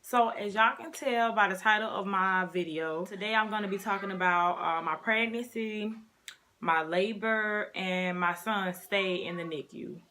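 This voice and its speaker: A woman's voice: mid-range voice, measured pace, pushed and bright. A woman in her twenties telling a casual storytime to her viewers, chatty and talking straight to them. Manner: chatty, addresses viewers as y'all. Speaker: vlogger.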